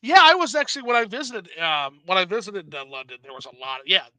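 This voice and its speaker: A man's voice: high-pitched, very animated, fast, pushed and bright, dry recording, poor audio. A man hosting a casual live stream. He jokes around, swears freely, and talks with animation. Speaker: host.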